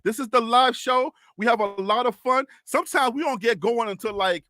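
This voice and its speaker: Male live-stream host, high voice, dry close sound, excitable and teasing. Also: normal speed, dry recording. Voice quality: self-described radio voice. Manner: excitable, teasing, shouts out chat names. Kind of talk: casual live-stream chat.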